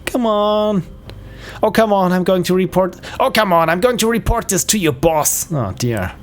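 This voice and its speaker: A petulant young man grumbling about his pizza as a streamer puts him on, his voice pushed higher and whinier than normal. He nags and protests in a complaining tone. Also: lively intonation, normal speed. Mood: whiny. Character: tired, whiny young male customer.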